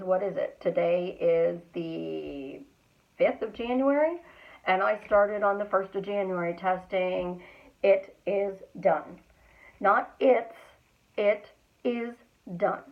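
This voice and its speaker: A middle-aged woman hosting a podcast, giving an upbeat motivational talk and stretching out her words for emphasis. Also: mid-range voice. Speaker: podcast host and manifesting coach. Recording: tinny phone-like audio.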